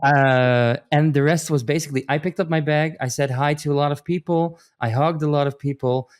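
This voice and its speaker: A man's voice: on the high side, brisk. A man from the Netherlands, a podcast guest chatting casually and telling rambling stories full of restarts. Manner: animated storyteller, rambling with many restarts.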